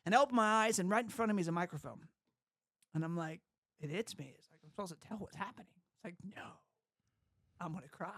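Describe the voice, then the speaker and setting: A young adult man telling his story as an interview guest, animated, often laughing and acting out the voices of others. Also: sits high, racing, dry recording. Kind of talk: casual storytelling.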